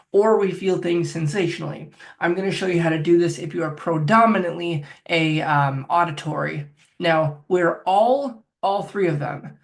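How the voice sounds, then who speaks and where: A man's voice: fairly high pitch, gravelly. A man working as a phobia coach, talking the listener step by step through a guided self-help exercise. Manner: directive, coaching, talks viewer through steps.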